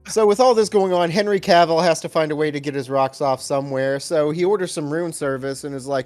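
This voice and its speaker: A man co-hosting a casual film chat with a relaxed, wry manner. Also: on the high side, fairly quick, hardly any pauses, no room sound, soft background music. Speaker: podcast co-host. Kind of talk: casual chat about a film over beer.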